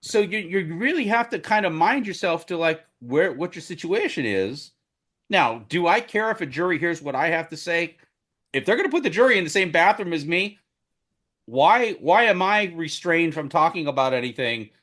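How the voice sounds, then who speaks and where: On a relaxed podcast he co-hosts, a man who covered a trial as a member of the media tells lively stories about it. His voice turns loud and booming whenever he gets excited, and he speaks at a moderate pace.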